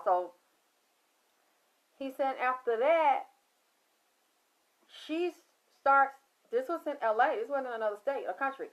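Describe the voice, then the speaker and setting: A woman host telling a story in an animated, emphatic way, quoting a man's words. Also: on the high side, unhurried, long pauses. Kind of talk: storytelling monologue. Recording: dull lo-fi sound.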